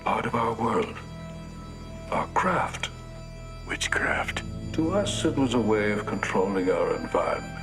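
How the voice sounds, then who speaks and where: A menacing cult leader, gravelly deep voice, slow grave delivery, film clip with music under it. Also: male voice, sing-song, exaggerated voice. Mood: ominous. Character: menacing male cult leader, middle-aged, solemn.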